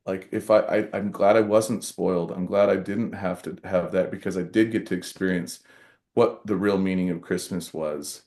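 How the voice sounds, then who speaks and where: A man's voice: deep voice, steady tone, moderate pace, darkish tone. A man co-hosting a podcast, speaking in an earnest, reflective way and sounding grateful. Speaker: podcast co-host. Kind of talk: casual conversation.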